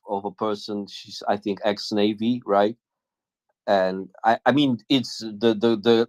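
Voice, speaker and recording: A man with a fairly low voice co-hosts a casual live audio chat. He stops and restarts often and searches for words as he works through his thoughts. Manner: halting, searching for words, thinking aloud. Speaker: co-host.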